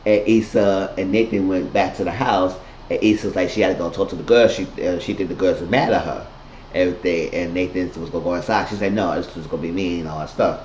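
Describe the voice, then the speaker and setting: A man's voice: sits low, fairly even intonation, fast, darkish tone, a little hiss or hum. Rambling, profane man recapping a show. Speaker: TV recap vlogger. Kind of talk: casual episode recap. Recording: roomy lo-fi home recording.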